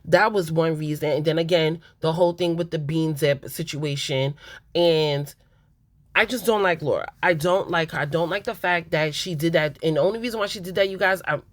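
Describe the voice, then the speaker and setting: A woman with a notably low voice hosts a casual reality TV recap, speaking candidly and with emphasis as she addresses her viewers directly. The sound is dry and close, with no room echo. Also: moderate pace.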